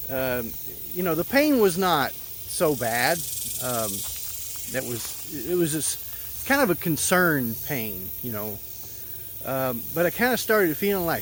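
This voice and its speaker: Guy in his 30s telling his story, kinda high voice, lots of ums and restarts, faint hiss outside. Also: lively intonation. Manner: halting, full of fillers and restarts. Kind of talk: personal story told casually.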